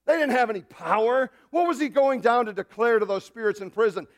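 Male pastor, high voice, dynamic sermon, loud declarations to hushed asides, joking with the congregation. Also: fairly quick, hardly any pauses.

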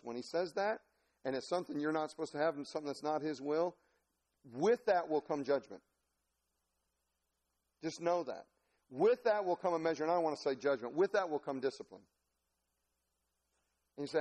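A man preaching a sermon as pastor, telling a story in an animated, folksy way with laughter. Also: fairly high pitch, moderate pace, pauses often.

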